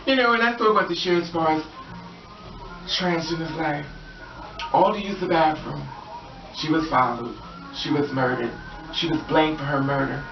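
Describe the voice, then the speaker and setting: A woman's voice: low-pitched, moderate pace, long pauses, music in the background. A woman telling an impassioned story in an earnest, emphatic monologue, repeating phrases for weight. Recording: distant echoey dull noisy recording.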